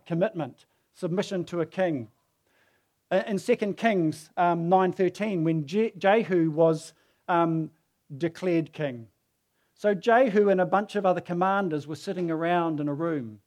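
A man's voice: sits high, unhurried, darkish tone. A man preaching a sermon who tells the story casually and acts out the quoted voices.

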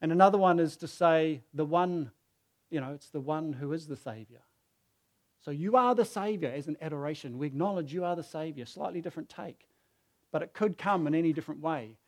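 A man's voice: on the high side, fairly quick. A man preaching a sermon who tells the story casually and acts out the quoted voices.

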